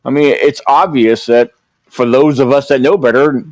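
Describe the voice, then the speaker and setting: A man in casual podcast talk, mid-pitched, who wanders through his points with lots of "you know" and "I mean." His voice sits close and dry on the mic with no room sound. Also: steady tone, moderate pace, no echo, highs cut off. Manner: rambling, many fillers and restarts. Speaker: podcast co-host.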